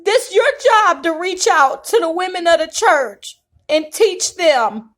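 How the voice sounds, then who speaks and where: A woman's voice: extremely high pitch, expressive, takes it slowly, a bit bright. A woman vlogger, venting in an impassioned, preacher-like way and crying at times. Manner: impassioned, tearful, preacher-like cadence. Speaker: YouTube vlogger. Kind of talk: emotional venting monologue.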